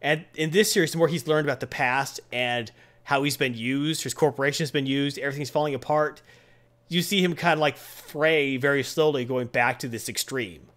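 A man casually reviewing a comic series, rambling and animated, acting out voices while telling a joke. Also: medium pitch.

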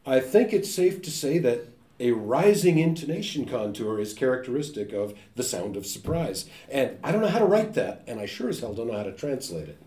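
A man giving a linguistics talk, animated and joking, often imitating sounds and voices. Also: mid-range voice, brisk. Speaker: linguistics lecturer. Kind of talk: academic talk. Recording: echoey room.

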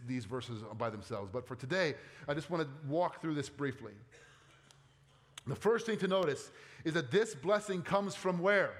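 A man preaching a sermon as a pastor, earnest, dropping soft and low when reading scripture, with casual conversational asides. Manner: conversational asides with playful quoted voices.

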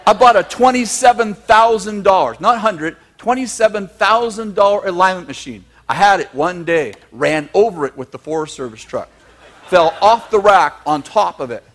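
A male preacher telling a long, humorous story in a sermon, animated and chuckling, with emphatic asides. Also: sits high, normal speed.

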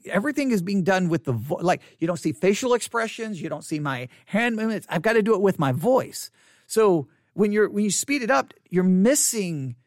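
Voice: medium pitch, no room sound. A podcaster talking alone into a close microphone, reacting with incredulous asides and many restarts. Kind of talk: solo podcast commentary on listener statistics. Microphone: studio microphone up close.

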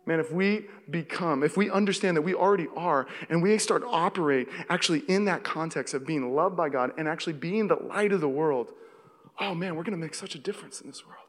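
A man's voice: fairly high pitch, a little fast. A young man from the Seattle area preaching a sermon as pastor, telling a story vividly and acting out his own panic. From Seattle area, USA. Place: church hall. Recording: long reverb of a church hall.

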